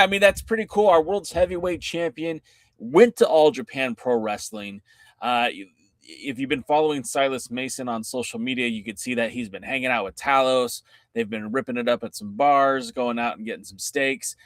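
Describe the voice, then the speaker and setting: A man's voice: mid-range voice, moderate pace, no room sound. A man hosting a casual wrestling podcast, chatting easily while he fumbles with clips. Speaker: podcast host.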